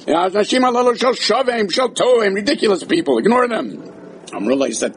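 A man's voice: high-pitched, sing-song, brisk, a little hiss or hum. A man teaching a Talmud class, mixing Hebrew and Aramaic terms into his English, acting out the quoted dialogue and adding dry, wry asides. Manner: acts out the quoted dialogue with a changing voice.

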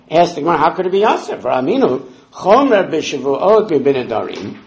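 A man teaching a Talmud class in a fairly high voice that rises and falls a lot. He works through the text step by step, quoting Hebrew and Aramaic phrases, and the room around him echoes.

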